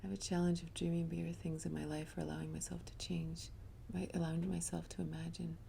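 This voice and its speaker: A woman's voice: on the low side, level tone, fast talker, creaky, mellow, slight background noise. A middle-aged woman giving a live talk as a spiritual teacher, telling personal stories candidly and chattily, often laughing.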